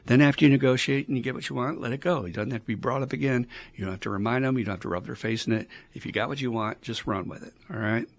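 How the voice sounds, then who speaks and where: Male addiction counselor, casual advice podcast; blunt and profane, mid pitch, gravelly. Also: fast talker, few pauses.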